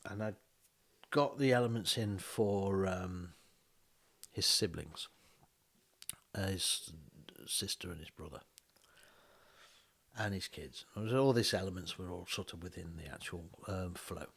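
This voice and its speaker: A man who works as a tattoo artist, chatting casually on a podcast and telling an animated story, acting out the quoted lines with frequent restarts. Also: low voice, a little slow, vocal fry, long pauses, husky. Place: podcast recorded on a bus.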